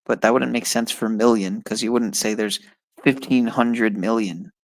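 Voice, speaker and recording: Working through an online test on a live stream, a man chats casually with viewers, grumbling and cursing in frustration. He speaks at a moderate pace in a low, fairly even voice. The recording is rough, with no room sound.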